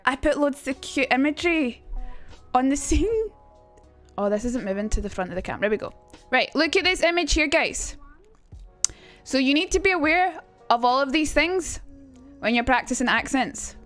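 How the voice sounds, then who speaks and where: High-voiced woman streaming. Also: animated, normal speed, soft background music. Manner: chatty and self-mocking, swears freely. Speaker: streamer teaching accents. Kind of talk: casual livestream chat.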